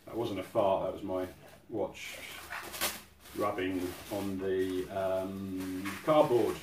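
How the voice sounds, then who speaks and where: A man's voice: sits low, steady tone, slow, background noise. A man hosting an outdoors channel, chatting casually through an unboxing and exclaiming in amazement at each item. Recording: roomy sound from a distant mic.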